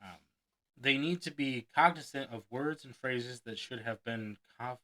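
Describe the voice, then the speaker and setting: A man reading a performance-advice book aloud with lively expression, stopping now and then to comment on his own slips. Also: medium pitch, unhurried, low-quality recording. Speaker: reader of a self-help book on performing.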